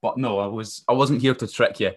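A man's voice: medium pitch, fairly even intonation, fairly quick. A man hosting a solo podcast, talking casually with fillers and restarts. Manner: casual, rambling, frequent fillers and self-corrections. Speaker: podcast host.

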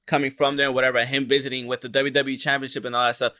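A man co-hosting a casual wrestling chat, talking in an emphatic, animated way and swearing freely. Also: medium pitch, racing.

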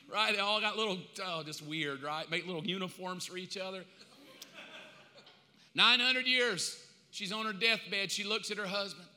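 A man preaching a sermon in an animated, humorous storytelling way, heard with long hall reverb. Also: high-pitched, normal speed, slight background noise. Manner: animated, humorous, switching voices.

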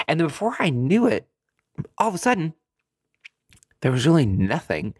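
A man hosting a podcast on his own, telling a story casually and with animation, swearing freely and jumping up in pitch to make a point. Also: normal speed, pauses often, slightly rough, dry recording, clean studio sound. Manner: animated, chatty, swears freely, jumps high in pitch for emphasis. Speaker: podcast host.

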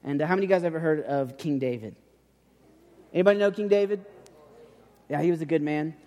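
A man with a high voice preaches in a relaxed, chatty way, stumbling over and repeating his words. He retells the story with quick put-on voices. His voice carries a long reverb, as from a large hall. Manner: chatty, repeats words and restarts, acts out quoted speech. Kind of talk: casual sermon.

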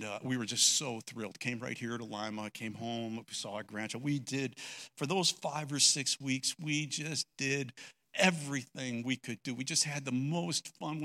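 An older man preaching a sermon, telling a personal story with strong emotion, dropping to a hush and then rising loud. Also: mid-range voice. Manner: emotional storytelling, swinging between hushed and loud. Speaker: pastor.

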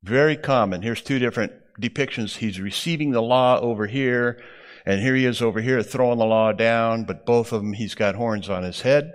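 A man teaching a Bible class, explaining slides in an unhurried way with frequent fillers. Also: medium pitch.

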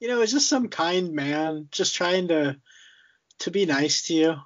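Easygoing podcast host, slightly high voice. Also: male voice, animated, a little slow. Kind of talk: casual chat. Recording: muffled lo-fi podcast audio.

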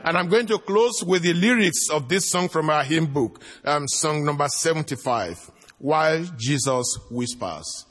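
Bright-voiced preacher man in reverberant hall. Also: a little high, moderate pace. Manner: pleading, recites hymn lyrics in a lilting cadence. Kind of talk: sermon with altar call.

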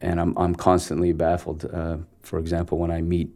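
A man in his forties, an actor guest, telling stories earnestly in an interview, with halting restarts. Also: low-pitched, monotone, a little mellow. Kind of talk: conversational storytelling interview.

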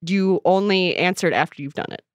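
A woman's voice: on the low side, a little fast, no echo, clean studio sound. A young woman co-hosting an advice podcast, chatting casually with wry, self-deprecating jokes. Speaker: podcast co-host.

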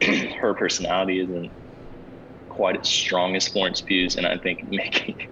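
Deep-voiced man on a dull lo-fi line. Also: little pitch movement, measured pace, bright, forceful tone. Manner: rambling, many restarts and fillers. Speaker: podcast co-host. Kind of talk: casual chat. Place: at home away, no studio setup. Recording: dull lo-fi sound with faint rumble.

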